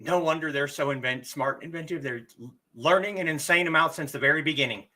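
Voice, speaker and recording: During a casual livestream lesson, the host speaks with a bright, forceful, medium-pitched voice, slightly hoarse after a cough. They pace their words slowly and deliberately and keep clearing their throat.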